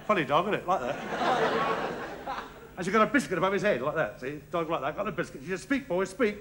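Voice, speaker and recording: A man doing a stand-up comedy routine on a theatre stage, with a bumbling, halting delivery and a giggling laugh. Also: fairly high pitch, over a noisy crowd. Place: theatre stage before a live audience. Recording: archive stage recording with loud audience laughter and hiss. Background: audience laughter.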